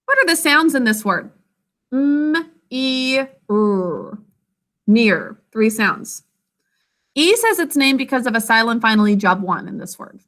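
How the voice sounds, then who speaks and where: A woman teacher leading a spelling lesson, sounding out words slowly syllable by syllable and calling on students by name. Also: fairly high pitch, very animated, sharp tone. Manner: slow, deliberate dictation, sounding out words syllable by syllable.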